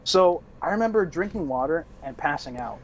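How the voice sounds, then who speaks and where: A man's voice: a little high, lively intonation, fairly quick, dull audio, a little hiss or hum. A young man, a podcast co-host, telling a rambling party story in casual chat with restarts and laughs.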